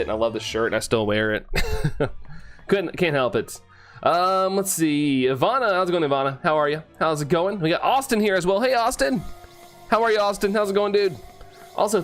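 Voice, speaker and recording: A man chats casually on a live stream, greeting viewers and answering chat, talking fast and sometimes tripping over his words. His voice is on the high side and a bit bright.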